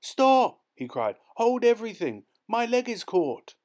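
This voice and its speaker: A male narrator voicing a naive young gentleman who shouts and pleads in terror in an audiobook. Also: on the low side, steady tone, normal speed, close to an everyday voice. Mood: panicked shouting. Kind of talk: audiobook character voice.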